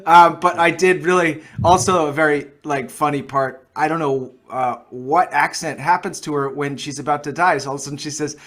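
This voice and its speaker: A man's voice: fairly high pitch, animated, fairly quick, few pauses, fairly bright tone. A man co-hosting a podcast, talking about films in a loose, laughing way that often trails off. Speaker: podcast co-host. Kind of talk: casual film discussion.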